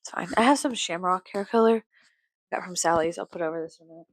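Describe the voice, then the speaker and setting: A woman vlogger ranting in a casual, rambling way, full of swearing, jumping from loud outbursts to low mutters. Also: fast, no echo.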